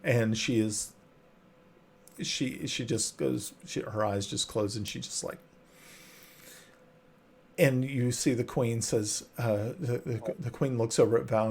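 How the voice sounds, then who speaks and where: A man narrating a tabletop role-playing game as game master, halting with fillers and restarts. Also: medium pitch, steady tone, creaky, darkish tone, slight background noise.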